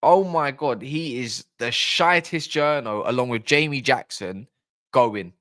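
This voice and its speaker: A man's voice: medium pitch, a little slow, fairly bright tone, dry recording. Man, fan channel host, live-stream chat, blunt, rambling, swears a lot, dry close sound. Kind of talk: casual live-stream commentary.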